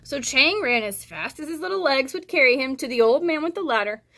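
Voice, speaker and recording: Reading a picture book to kids, the teacher breaks off now and then to chat and encourage them. She speaks fairly quickly, her high, bright voice forceful and lively in intonation.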